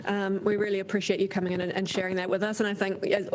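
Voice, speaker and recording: New Zealand woman, chair, mid-pitched, friendly and organising. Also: level tone, fast talker, a little mellow, poor audio. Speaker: meeting chair. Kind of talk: chairing a public hearing.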